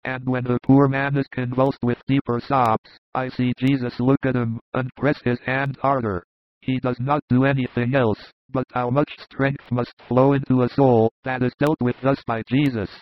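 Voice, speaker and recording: Measured male audiobook narrator. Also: medium pitch, flat delivery, no room sound. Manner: measured, descriptive. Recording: dull lo-fi recording.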